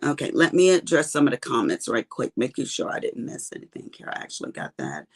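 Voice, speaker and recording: A woman's voice: a bass voice, sing-song, fast, slightly rough. A middle-aged woman with a Texas accent, chatting casually with viewers on her crafting livestream and calling them honey and baby. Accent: Texan. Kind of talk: casual chat with viewers while diamond painting.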